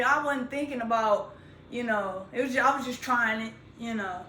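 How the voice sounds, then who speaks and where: A woman's voice: a little high, normal speed, pushed and bright, slight background noise. A young adult woman, a content creator, talking straight to her phone in a rambling, profane, slang-heavy vlog monologue. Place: indoors, standing while talking. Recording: echoey room.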